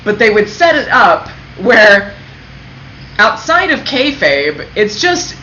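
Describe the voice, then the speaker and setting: Bright-voiced woman chatting in an echoey room. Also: medium pitch, very animated, takes it slowly. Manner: chatty, laughs often, detailed storytelling. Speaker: co-host of a fundraising livestream. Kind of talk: casual chat. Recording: echoey room, dull lo-fi sound, faint noise.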